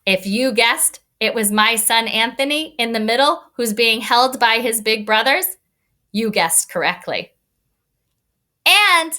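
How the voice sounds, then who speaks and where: Woman teacher for a kids' reading lesson: high, bright voice, slow and deliberate. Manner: animated, expressive teacher voice addressing kids. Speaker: elementary school teacher. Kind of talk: online read-aloud lesson for young children.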